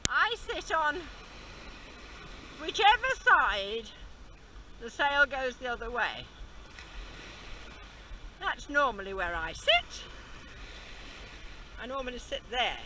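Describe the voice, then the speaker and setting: Holiday vlogger, high lively voice, joking, wind-buffeted camera audio. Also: male voice, slow pace, long pauses. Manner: chatty, joking, self-mocking. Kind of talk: casual holiday vlog. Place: outdoors by the sea, on a small sailboat. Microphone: small camera held or worn.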